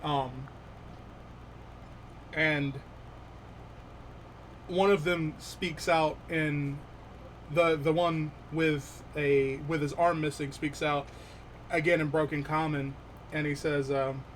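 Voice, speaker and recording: A man running a tabletop session as game master, narrating slowly with many pauses and fillers. His voice sits slightly high, with a faint hiss in the background. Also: level tone, rough recording. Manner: hesitant, filler-heavy narration.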